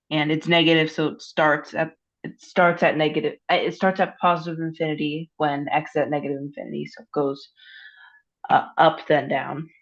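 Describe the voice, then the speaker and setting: A woman's voice: sits low, dull audio. A teenage girl asking her tutor about a math problem over a call, congested and hesitant, full of "like". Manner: hesitant, many "like" fillers. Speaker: student. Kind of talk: casual tutoring session.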